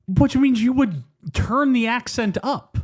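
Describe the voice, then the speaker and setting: A man's voice: very high-pitched, unhurried. A man co-hosting a casual movie podcast, chatting and giving his opinions and laughing often. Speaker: podcast co-host. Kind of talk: casual movie-recap chat.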